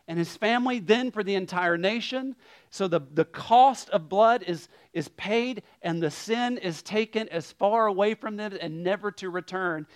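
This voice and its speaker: He's a male guest preacher with a high voice, delivering a sermon as a story full of lively shifts between loud stress and whispered asides.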